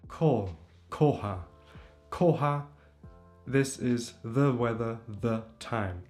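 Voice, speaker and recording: A man teaching a language lesson, patiently explaining and repeating example words slowly. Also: mid-range voice, a little mellow. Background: faint background music.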